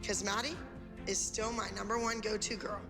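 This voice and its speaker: A woman's voice: mid-range voice, flat delivery, normal speed. A woman dance teacher handing out assignments directly on a reality show. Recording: TV clip with music underneath. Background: music.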